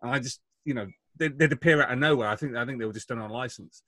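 A man's voice: medium pitch, fast, pushed and bright, no room sound. Podcast host guy stumbling through his questions, mid voice, dry sound. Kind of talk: interview questions.

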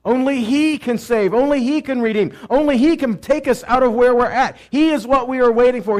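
A man teaching a sermon who asks questions and answers them himself, moving between loud cries and quiet asides. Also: extremely high pitch, a little fast, hardly any pauses. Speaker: messianic teacher.

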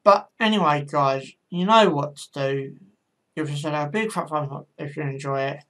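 A low-pitched woman, speaking at normal speed with a somewhat bright quality, hosts her own football pundit channel. She goes over match predictions in an easygoing, tentative way, frequently saying "um" and revising what she just said.

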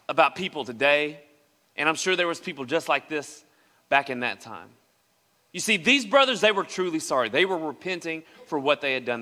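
A man's voice: sits high, bright, forceful tone. A man preaching a sermon in a church, delivering it dramatically and acting out the voices of the people he quotes. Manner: dramatic, acts out quoted speech. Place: church sanctuary. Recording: reverberant church hall.

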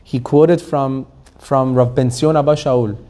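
A man, a rabbi, teaching a Torah class to a live audience, animated, asking the room questions and laughing often. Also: medium pitch, a little slow.

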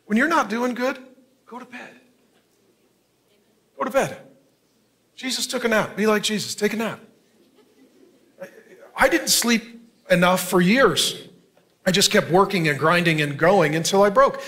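High-voiced pastor in his fifties. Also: normal speed, pauses often. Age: 50s. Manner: conversational preaching, drops to quiet for emphasis. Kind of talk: sermon.

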